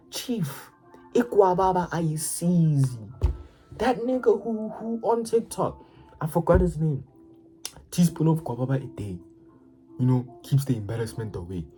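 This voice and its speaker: A woman talks straight to her viewers in a low, dark voice, unhurried yet lively in pitch. She curses and stammers, restarting phrases as she hypes up her audience. Faint music plays behind her. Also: rough recording. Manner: profane, excitable, stammers and repeats words. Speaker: motivational vlogger. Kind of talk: casual motivational rant.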